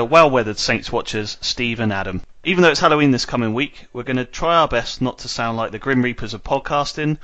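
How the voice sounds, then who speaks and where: A man's voice: mid-range voice, fairly bright tone, lo-fi sound. A man hosting a casual football podcast, teasing his co-hosts in a jokey way. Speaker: podcast host.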